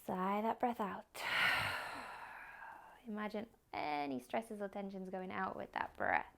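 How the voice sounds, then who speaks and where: Woman, yoga teacher, guided class, calm gentle cues, gravelly edge, middle pitch. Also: a little slow.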